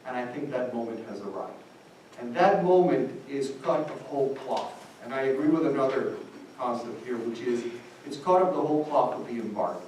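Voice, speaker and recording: A man's voice: medium pitch, expressive, a little fast, a little mellow, a little hiss or hum. An older man from Cuba with a Cuban accent, speaking emphatically as a seminar panelist and switching into Spanish as he speaks. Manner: passionate and emphatic, switches into Spanish, voices quoted people. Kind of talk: impassioned public talk. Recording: echoey hall, distant mic, faint ambience.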